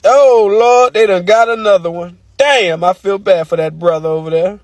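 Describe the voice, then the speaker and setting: A man's voice: extremely high pitch, moderate pace, no room sound, far from the mic. A man ranting casually to camera, profane and emphatic, repeating his point.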